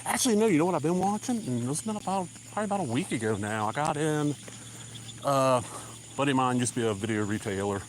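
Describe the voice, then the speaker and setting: A man with a Southern drawl chats loosely to viewers as he walks, slightly short of breath. His voice sits at an ordinary middle pitch. Faint insect and cricket sounds hum outdoors around him. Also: animated, fast, rough recording. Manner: rambling, casual, drawling asides. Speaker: vlogger. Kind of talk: rambling live-stream chat while walking. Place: country road outdoors.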